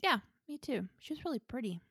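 A woman's voice: high-pitched, sing-song, a little fast, fairly bright tone, husky, no echo, studio quality. A woman co-hosting a podcast, giving frank opinions in a casual chat and laughing between remarks. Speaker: podcast co-host. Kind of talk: casual movie review chat.

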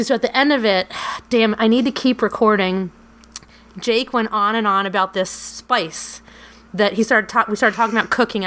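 A woman co-hosting a podcast chats casually in its outro, rambling, swearing freely, and laughing often. Her voice is medium-pitched and a bit bright.

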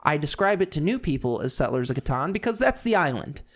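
A middle-aged man chatting on a podcast, telling a long anecdote with amused asides and lots of "I'm like." His voice sits a little high for a man. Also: big pitch swings, quick pace. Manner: storytelling, amused, repeats "I'm like". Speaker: podcast co-host. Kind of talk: casual chat.

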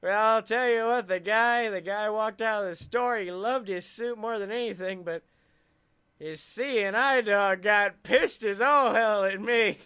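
A desperate, ragged man begging for work, earnest and pleading, as a man puts him on in a podcast joke. The voice is slightly lower and softer than the teller's, still bright and smooth. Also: measured pace.

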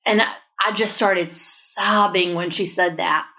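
A woman's voice: lowish voice, fairly even intonation, measured pace, pushed and bright. A woman sharing a personal faith story in an earnest, emotional way, as a guest in a conversation.

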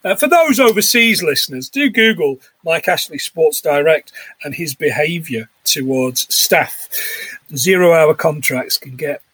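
A man's voice: on the high side, lively intonation, measured pace, a bit bright, husky. A man co-hosting a podcast, chatting casually and acting out film lines in put-on voices. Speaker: podcast co-host. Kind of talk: casual chat recapping a film.

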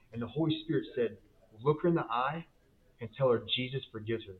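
Over a tinny, phone-like connection, a male guest who owns a business tells the story of his faith with intense emotion, his slangy speech full of repeats and restarts. He has a mid-range voice and a brisk delivery.

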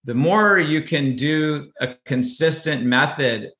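A man speaking as a podcast guest, with a bright, forward tone. He talks in an easygoing way and often repeats words mid-thought. His voice rings around a noticeably echoey room. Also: fairly high pitch, takes it slowly. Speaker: podcast guest, parenting author. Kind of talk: casual interview talk.

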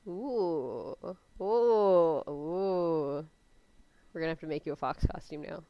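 A young woman in a casual podcast chat, chatty and excitable, talking with lots of fillers. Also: sits low, slow, no room sound, highs cut off. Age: young adult. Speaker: podcast co-host.

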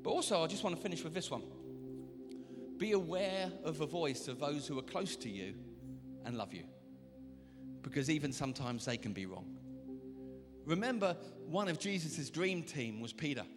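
A man preaching a lively sermon as pastor, acting out the voices he quotes. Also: a little high, moderate pace, pauses often, music in the background. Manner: animated, acts out quoted voices. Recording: reverberant church hall.

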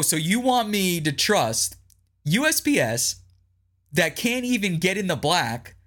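A man reads news items aloud and breaks off into incredulous commentary. His pitch leaps around animatedly as he rants, and he hammers points home by repeating them. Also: fairly bright tone. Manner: incredulous, ranting, repeats lines for emphasis. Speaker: political commentary podcast host. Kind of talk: opinionated commentary, reading news aloud and reacting.

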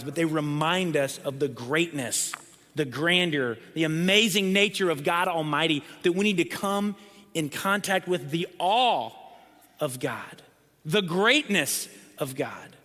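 Pastor, male, bright forceful delivery, slightly high voice, long church reverb. Emphatic sermon style. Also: expressive, a little slow. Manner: emphatic, repeats for emphasis, drops to near whisper.

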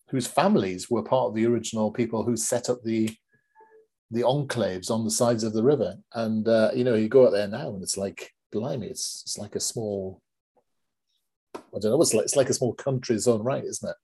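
A male podcast host with a low, mellow, slightly husky voice. He talks in a measured, reflective way and pauses on fillers while he questions his guest. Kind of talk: conversational interview.

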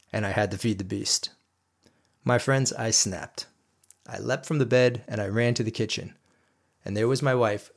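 A man hosting a podcast, telling a personal story in an earnest, emphatic monologue aimed straight at his listeners. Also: medium pitch. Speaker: podcast host.

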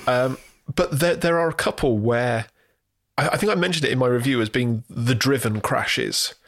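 A man's voice: mid-range voice, moderate pace. A man co-hosting a podcast, chatting casually about films with easy restarts and laughter. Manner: relaxed, trails off and restarts, laughs along. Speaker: podcast co-host. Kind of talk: casual film review chat.

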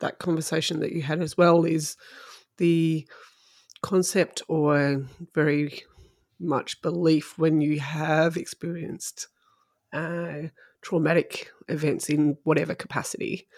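A woman hosting a podcast, speaking in a measured, reflective way and offering soft affirmations as she listens. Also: sits low, flat delivery, dry recording, clean studio sound. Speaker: podcast host. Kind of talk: reflective conversational interview.

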